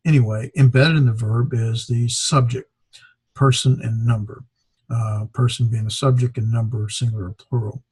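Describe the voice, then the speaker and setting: Halting man teaching a Greek class. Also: medium pitch, steady tone, darkish tone, slightly rough, no room sound. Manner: halting, many fillers and self-corrections. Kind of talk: classroom lecture.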